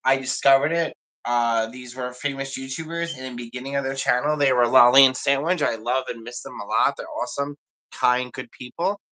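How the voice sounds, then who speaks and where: A man's voice: mid-range voice, steady tone, fairly quick, sharp tone, poor audio. A man chatting casually on a livestream, rambling and confiding in an emotional way.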